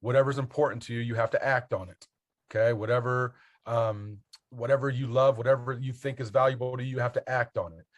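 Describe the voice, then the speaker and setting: A man's voice: medium pitch, flat delivery, a little fast. A man, a basketball coach and mentor, talking as a podcast guest, earnest and motivational as he spells out his acronyms.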